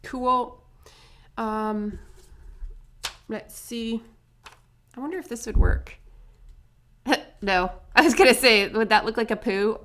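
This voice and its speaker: A woman's voice: fairly high pitch, slow, long pauses, fairly bright tone. Chatty upbeat woman teaching face painting. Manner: chatty, upbeat, self-amused, many asides and tag questions. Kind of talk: casual tutorial demonstration.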